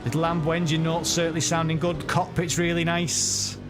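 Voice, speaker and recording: Over music, this male sim racing streamer speaks at a moderate pace in a fairly high voice that barely moves in pitch. His live racing-game commentary is chatty and rambling, with frequent self-corrections.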